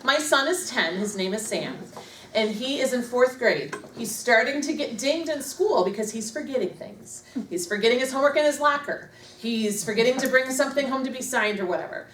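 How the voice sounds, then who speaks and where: A woman's voice: on the high side, expressive, brisk, fairly bright tone. A woman giving a talk to a live audience at a leadership meeting, self-deprecating and humorous, laughing often. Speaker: motivational speaker at a business leadership meeting. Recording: echoey room, mic far off, faint noise.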